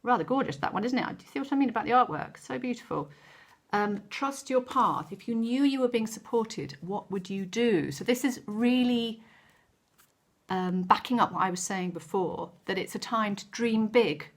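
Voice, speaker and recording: A woman giving a gentle, encouraging weekly card reading, with frequent ums and self-corrections. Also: on the high side, normal speed. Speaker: tarot card reader.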